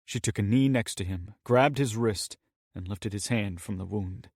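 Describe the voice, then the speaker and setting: Male audiobook narrator, measured and steady, recorded dry and close. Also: fairly low pitch, no room sound. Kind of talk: scripted narration.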